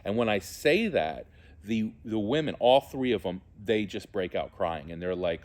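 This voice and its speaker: A man shares a personal spiritual testimony in a fairly low voice. He speaks earnestly and from the heart, often stopping to search for the right words. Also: animated, normal speed. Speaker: theologian and musician.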